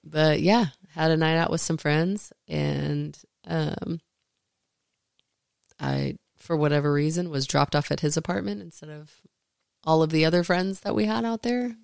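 Texas woman in her 30s, podcast guest, gravelly fry, chill and chatty, dry close sound. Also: deep voice, unhurried, a little mellow, no echo. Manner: laid-back, chatty, trails off with fillers. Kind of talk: casual chat. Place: living room of her home.

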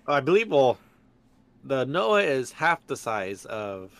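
A man's voice: medium pitch, sing-song, measured pace, vocal fry. A man co-hosting a podcast in casual chat, easygoing, laughing often and restarting his sentences. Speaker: podcast co-host.

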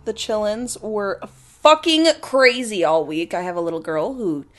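A woman's voice: medium pitch, normal speed. A woman co-hosting a podcast and working as a teacher, chatting casually with a playful, giggly, teasing manner. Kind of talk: casual chat.

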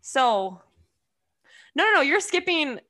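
A woman talks through a novel's plot with her co-host in a loose, excited way, leaning on "like" as she goes. Her voice sits a little high and comes across bright and forward. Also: takes it slowly. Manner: animated, chatty, heavy use of "like". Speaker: podcast co-host. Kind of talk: casual book discussion.

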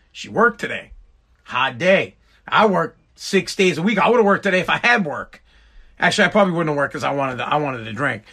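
A man's voice: high-pitched, sharp tone. A middle-aged man hosting a podcast, rambling and swearing through a tipsy, exasperated monologue. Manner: profane, tipsy storytelling, rising to exasperated rants. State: tipsy from drinking. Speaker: podcast host.

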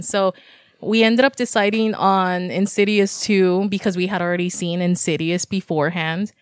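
A woman's voice: medium pitch, moderate pace, clear, resonant tone, no room sound, clean studio sound. A woman co-hosting a podcast, telling stories in a rambling, casual way with lots of fillers and swearing. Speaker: podcast co-host. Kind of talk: casual chat.

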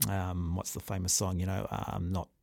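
A man hosting a sports radio show, telling stories in a rambling, animated way. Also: low voice, normal speed, vocal fry, dry recording, clean studio sound. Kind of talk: casual radio chat.

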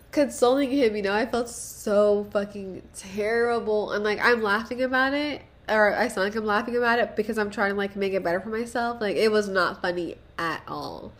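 A woman's voice: medium pitch, fairly quick, a bit bright. A young woman hosting a casual solo podcast, rambling and profane, self-deprecating, with nervous laughs. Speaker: podcast host.

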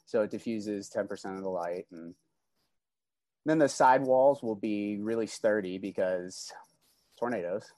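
A man's voice: on the low side, a little slow, darkish tone, no echo. A man talking casually about his greenhouse grow, laid-back and slangy, with many restarts. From California. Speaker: greenhouse grower. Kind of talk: casual podcast chat.

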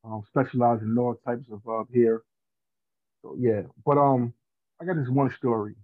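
A man's voice: medium pitch, steady tone, normal speed, no room sound. A man telling a funny story in casual slang, laughing at his own tale. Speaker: podcast guest. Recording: dry tinny phone-like sound.

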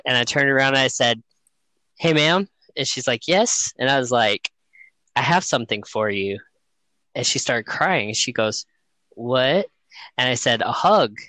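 A man's voice: medium pitch, no room sound, low-quality recording. A man casually telling a personal story, laughing often and acting out the quotes. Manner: laughs often, animated retelling with quoted voices.

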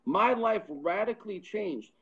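A middle-aged man shares a personal testimony as a podcast guest, with a somewhat high voice. He is earnest and stacks repeated words as his story gathers momentum. The sound is dull and lo-fi. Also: expressive, a little slow, a bit bright, slightly rough. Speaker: podcast guest, pro football scout.

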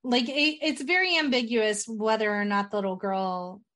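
A woman's voice: on the high side, moderate pace, a bit bright. Storytelling woman podcast host. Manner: storytelling, acts out quotes. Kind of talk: casual chat, recapping a film.

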